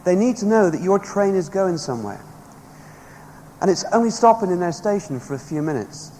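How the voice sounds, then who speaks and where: High-voiced man rallying a hall. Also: sing-song, normal speed, dark tone. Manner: emphatic, storytelling, rallying the audience. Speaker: motivational speaker. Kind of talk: motivational seminar speech. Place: large hall with a live audience. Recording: echoey hall, faint background noise.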